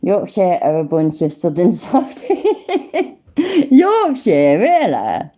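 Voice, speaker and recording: A woman's voice: low-pitched, huge pitch swings, measured pace, dark tone. A woman with an East Midlands accent, chatting casually and swearing on a livestream, greeting viewers and answering the chat. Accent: East Midlands English. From English Midlands. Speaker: livestream host.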